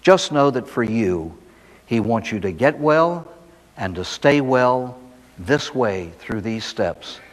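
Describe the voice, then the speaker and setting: A man's voice: mid-range voice, expressive, slow. A man, a priest, giving a recovery talk to an audience, telling folksy stories and asking rhetorical questions. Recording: echoey hall recording.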